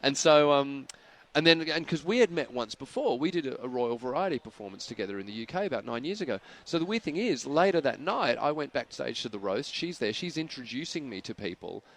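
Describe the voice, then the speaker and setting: A man's voice: mid-range voice, lively intonation, fairly bright tone. A man with an Australian accent, a comedian chatting and telling stories as a radio guest. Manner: chatty storyteller, quick to laugh. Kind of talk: casual radio interview chat.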